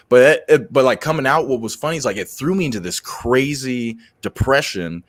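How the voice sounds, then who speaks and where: A man, a comedian and podcast host, telling animated stories in casual chat, swearing and laughing often. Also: mid-range voice, brisk, few pauses, dry recording, studio quality.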